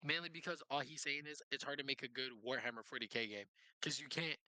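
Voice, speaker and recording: Joking male co-host, relaxed slangy delivery, sharp bright voice. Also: medium pitch, fast, no room sound. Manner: laid-back, joking, slangy. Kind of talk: casual reaction chat.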